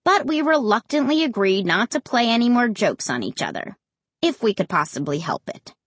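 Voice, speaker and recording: A woman reading a first-person storybook aloud in an expressive, dramatic way. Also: on the high side, normal speed, slightly rough, no echo. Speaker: audiobook narrator.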